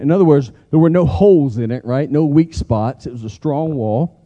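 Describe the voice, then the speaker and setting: A man preaching a sermon, animated and emphatic, getting the congregation to repeat key phrases. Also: medium pitch, moderate pace, lo-fi sound. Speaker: pastor.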